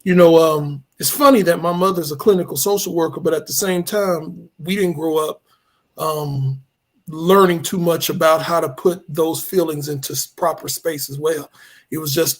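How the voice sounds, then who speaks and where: Earnest higher-voiced man on a podcast. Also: steady tone. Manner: earnest, measured, uses formal words. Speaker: podcast guest. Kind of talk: casual podcast conversation.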